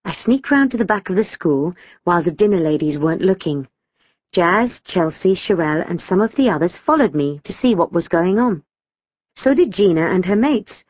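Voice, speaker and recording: A woman narrating a children's audiobook in the first person, telling it with lively storytelling and voicing schoolgirl dialogue. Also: fairly low pitch, normal speed, no room sound, muffled recording.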